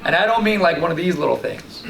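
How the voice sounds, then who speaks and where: Speaking quickly in a gravelly, fairly high voice, this Long Island, New York fishing guide and show host shares casual tips. He tells stories with lots of energy, acting out how he reacted back then. The mic sits far off in a roomy space, with light background noise.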